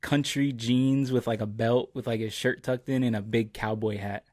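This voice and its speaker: A man's voice: mid-range voice, normal speed, no echo, clean studio sound. A man hosting a podcast, chatting casually and telling stories with lots of "like" and "bro". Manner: relaxed storyteller, many "like" and "bro" fillers. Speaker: podcast host. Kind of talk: casual chat.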